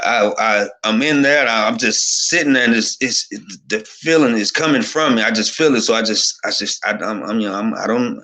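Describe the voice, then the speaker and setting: A man sharing an emotional personal testimony, excited and rambling, often repeating himself. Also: lowish voice.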